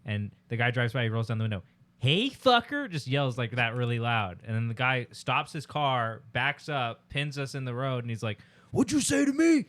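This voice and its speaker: A man telling anecdotes in a casual podcast chat and shouting out the lines of the people he quotes. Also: mid-range voice, fairly even intonation, a little fast, hardly any pauses, no room sound.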